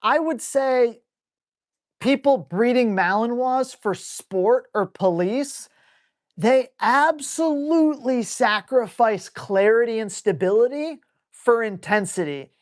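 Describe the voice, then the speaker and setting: Blunt, animated man dog trainer. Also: very high-pitched. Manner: blunt, rough-talking, playfully scolds dogs aloud; animated, switches between brisk and drawn-out speech. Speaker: dog trainer answering viewer questions. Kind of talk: live Q&A, casual and blunt. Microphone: live stream mic.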